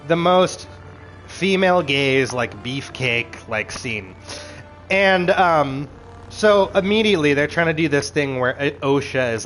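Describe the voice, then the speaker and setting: A man with a fairly high voice rants through a casual show recap, swearing freely and jumping into quoted asides. His delivery swings from low mutters to loud, exasperated peaks. Faint music plays behind him. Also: low-quality recording. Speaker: show reviewer.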